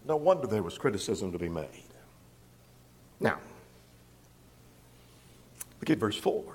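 A man preaching an expository sermon, walking through verses with emphatic, animated delivery. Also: on the low side, measured pace, big-room sound. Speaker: pastor.

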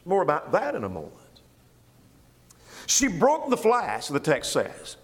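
A man preaching an expository sermon, walking through verses with emphatic, animated delivery. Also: fairly high pitch, unhurried, in a large hall. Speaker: pastor.

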